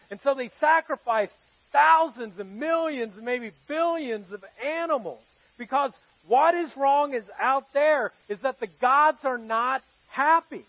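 High-voiced man preaching a sermon. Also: no room sound, highs cut off. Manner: conversational storytelling, asks the audience questions. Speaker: pastor. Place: church service with live congregation.

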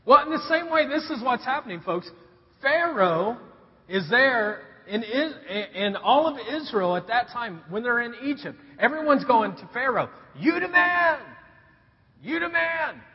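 A man's voice: extremely high pitch, normal speed, husky. A man preaching a sermon, telling stories and asking the congregation rhetorical questions. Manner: animated storytelling with rhetorical questions. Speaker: pastor. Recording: dull recording in a reverberant hall.

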